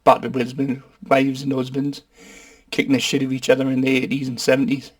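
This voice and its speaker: A man's voice: mid-range voice, completely flat delivery, fairly quick. Sweary, rambling Geordie man. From North East England. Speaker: film reviewer, channel host. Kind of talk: casual comic film review.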